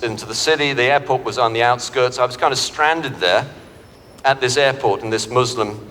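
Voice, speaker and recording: A man preaching a sermon in a university chapel, telling stories and vivid analogies in an animated way. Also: mid-range voice. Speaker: pastor. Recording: reverberant hall with faint background noise.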